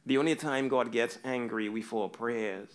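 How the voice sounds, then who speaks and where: A man's voice: medium pitch, fairly even intonation, normal speed. A male pastor preaching a fervent sermon, rising into repeated pleading cries.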